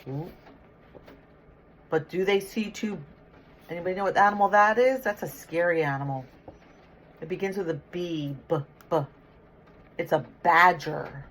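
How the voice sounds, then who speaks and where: A middle-aged teacher holds a read-aloud storytime for young children, using questions to coax them along and praising the answers they give. Her lowish, fairly bright voice moves at a moderate pace and pauses often.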